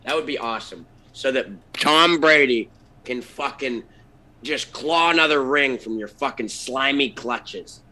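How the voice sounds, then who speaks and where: A man's voice: mid-range voice, measured pace, sharp tone. A man with a Pittsburgh accent on a sports podcast, rambling and hesitant with crude language. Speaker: podcast co-host. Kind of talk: casual sports chat.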